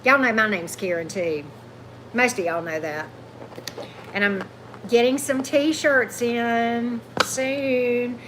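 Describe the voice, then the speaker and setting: A woman, talking casually on a livestream as a tarot reader, her voice going hoarse, chatting with viewers and calling her dog in a high coaxing voice. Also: slow pace, noisy background. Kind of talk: casual live chat with viewers. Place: indoors at a table at home.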